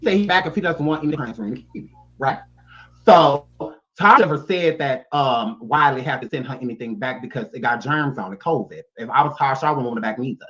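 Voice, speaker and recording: A man's voice: medium pitch, fairly quick, fairly bright tone, dull audio. A man giving blunt, sassy and profane reaction commentary. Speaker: YouTube commentator.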